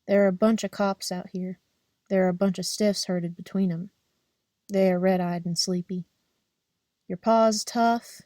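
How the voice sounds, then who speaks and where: A young woman reading a novel aloud in a steady, plain first-person narration. Her voice is mellow and soft-edged. The recording is close and dry, with no room sound. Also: lowish voice, moderate pace, no echo. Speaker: audiobook reader. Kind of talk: audiobook narration.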